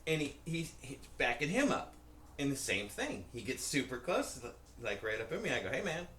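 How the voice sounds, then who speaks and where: Man, podcast co-host, rambling swear-heavy storytelling, lively pitch, bright voice, roomy echo, faint background noise. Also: a little fast. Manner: animated, profane, rambling storyteller. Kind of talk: casual storytelling chat.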